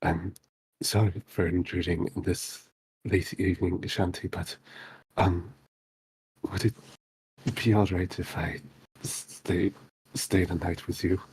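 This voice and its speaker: A man voicing his character, a young man shaken by a bad dream, speaking quietly and hesitantly. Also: sits low, flat delivery, moderate pace, creaky, slightly rough, exaggerated voice.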